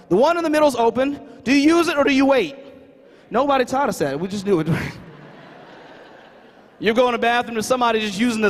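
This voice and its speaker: Man, conference speaker, very high voice, rapid delivery, comic stories, reverberant hall. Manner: animated, asks the crowd questions, fond of "right?". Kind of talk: comedic storytelling keynote.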